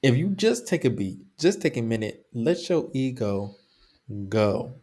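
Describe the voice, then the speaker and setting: A man's voice: medium pitch, a little slow. Brief: male podcast co-host, emphatic, rambling, conversational. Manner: animated, rambling, emphatic repetition. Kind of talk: casual podcast chat.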